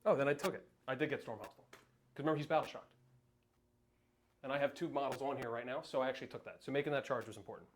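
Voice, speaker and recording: A man in a relaxed live-streamed tabletop match, talking through the rules as he goes and working them out aloud. His voice sits at an ordinary middle pitch. A faint hiss runs under the recording. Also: quick pace. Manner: thinks aloud while checking rules. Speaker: tabletop wargame player. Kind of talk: casual live-streamed game chat.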